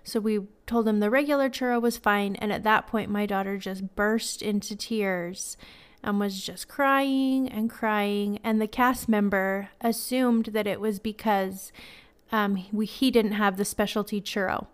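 A woman's voice: medium pitch, fairly even intonation, unhurried, clean tone. A woman in her thirties hosting a podcast, telling stories in a chatty, sentimental way with some ums and laughs. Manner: emotional, tearful at times, sentimental. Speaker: podcast host. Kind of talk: casual podcast storytelling.

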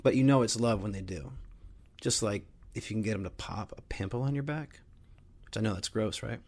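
A middle-aged man hosts a casual sports podcast with a rambling, joking delivery. He swears freely, and his voice sits slightly low. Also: fairly quick, a little mellow. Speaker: podcast host.

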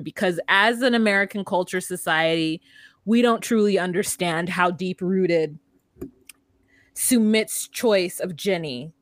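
A woman's voice: medium pitch, dry recording. Earnest woman co-host, dry sound. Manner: earnest, analytical, with restarts. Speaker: podcast co-host. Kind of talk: casual analytical chat.

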